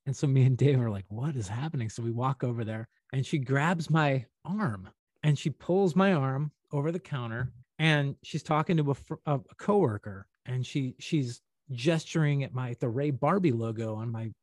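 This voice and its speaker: Male podcast co-host from St. Louis, mid-pitched, animated rambling storyteller, dry close sound. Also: moderate pace, no echo. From St. Louis, USA. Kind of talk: casual storytelling chat.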